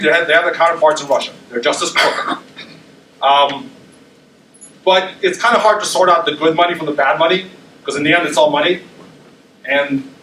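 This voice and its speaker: A man's voice: on the high side, a bit bright, slight background noise. A male university lecturer giving a conversational presentation, dotted with ums and tag questions like "right?". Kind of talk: academic presentation. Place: lecture room. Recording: roomy echo, speaker far from mic.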